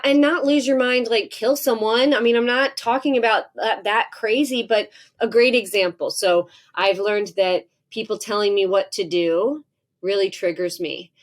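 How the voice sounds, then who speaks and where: A woman in her forties talking candidly as an interview guest, laughing often and acting out her own angry outbursts. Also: mid-range voice. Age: 40s. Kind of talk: casual interview talk.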